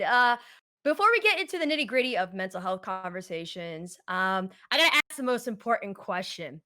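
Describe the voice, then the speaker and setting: A woman's voice: mid-range voice, big pitch swings, a little fast, bright, forceful tone. A woman hosting an interview, chatting in an upbeat way and laughing often. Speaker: host. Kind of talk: casual interview chat.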